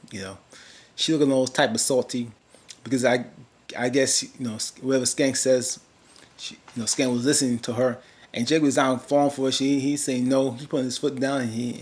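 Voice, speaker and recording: A man's voice: mid-range voice, a little mellow. A man casually recapping a TV drama episode, rambling with many fillers and restarts and briefly mimicking characters.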